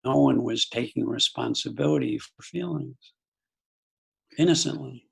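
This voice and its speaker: Older man, gravelly voice, husky, reflective storytelling guest, pauses and restarts. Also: mid-range voice. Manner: thoughtful, anecdotal, frequent restarts. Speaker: psychologist guest.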